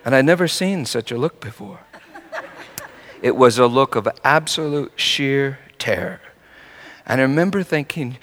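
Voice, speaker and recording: Animated preacher with a bright, lively voice. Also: male voice, medium pitch, measured pace, pauses often, in a large hall. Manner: animated, swinging from hushed to shouting. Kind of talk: sermon storytelling.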